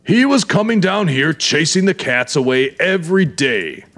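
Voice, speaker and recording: A man's voice: a little high, big pitch swings, moderate pace, a bit bright, voice pushed up. A man doing a surly, defiant aging tough. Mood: defiant grumbling. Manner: defiant, grumbling, indignant. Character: surly aging man, gun-toting warehouse owner. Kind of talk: audiobook character voice.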